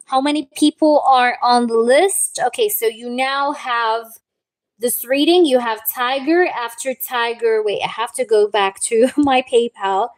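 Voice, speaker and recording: A woman reading tarot live for her viewers. Her voice sits a little high. She talks in a chatty, reassuring way and keeps checking in with "okay?" and pet names. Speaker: tarot reader.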